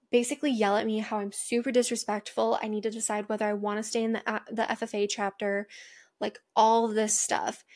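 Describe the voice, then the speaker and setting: Young adult woman, podcast host, slightly high voice, chatty storytelling, frequent asides. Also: a little mellow. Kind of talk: casual personal storytelling.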